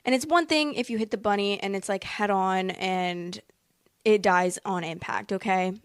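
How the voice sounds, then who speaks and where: A woman's voice: mid-range voice, normal speed, clean tone, no room sound, clean studio sound. A woman telling a personal story in a casual, rambling way, packed with fillers and emotional asides. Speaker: vlogger.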